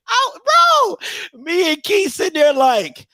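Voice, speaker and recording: A man hosting a call-in show, commenting loudly and laughing, often acting out other people's voices. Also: very high voice, no echo. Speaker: show host.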